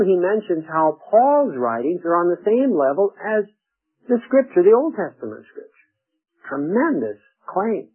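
A man's voice: high voice, slightly rough, phone-quality sound. A man giving a conversational Bible lecture on church history, asking rhetorical questions and often restarting his sentences. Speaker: Bible teacher.

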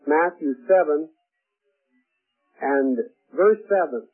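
An older man delivers an earnest sermon, pausing often as he tells personal stories. His voice sits a little high and sounds husky. It comes through a thin, phone-like radio broadcast. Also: faint music behind. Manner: earnest, personal storytelling with frequent "uh" pauses. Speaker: preacher.

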